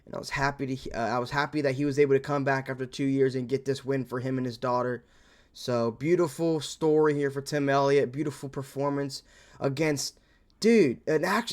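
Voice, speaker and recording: A man's voice: medium pitch, normal speed. A young man casually recapping fight results in a loose, rambling monologue with some swearing. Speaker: MMA reaction host.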